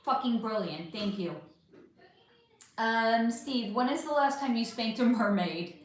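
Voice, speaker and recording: Woman, young adult, livestream host, casual, high voice, lively pitch, echoey room. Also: unhurried. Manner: chatty, laughing, swearing freely. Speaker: livestream host reading chat. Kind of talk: casual live chat.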